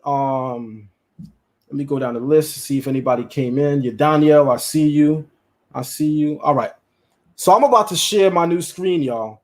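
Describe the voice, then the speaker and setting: High-voiced man hosting a casual livestream. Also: normal speed. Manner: animated, talks straight to chat and viewers, repeats lines for emphasis. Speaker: livestream host.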